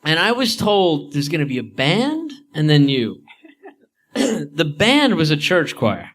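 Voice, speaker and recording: A high-voiced man telling a comedy podcast story about a bad gig. His delivery is dry and deadpan. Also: slow pace. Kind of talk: casual storytelling chat.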